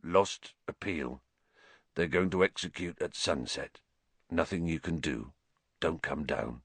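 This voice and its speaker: Man putting on a sad giant groundskeeper, deep and quiet, heavy and slow. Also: slightly rough, no room sound, exaggerated voice. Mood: grieving. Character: grieving giant male groundskeeper writing a shaky note.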